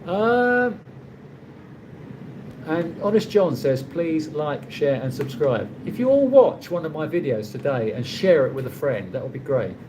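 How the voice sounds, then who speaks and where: Very animated and fairly high in pitch, the speaker takes his time, with a noisy background behind him. This middle-aged man from London, England, hosts a livestream in his London accent, chatting casually, reading comments from viewers, and rambling through many restarts.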